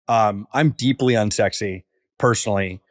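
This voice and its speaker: A man in his thirties, a startup founder, talking casually on a podcast with lots of fillers and quick asides. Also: on the low side, dry recording, clean studio sound. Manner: casual, filler-heavy storytelling.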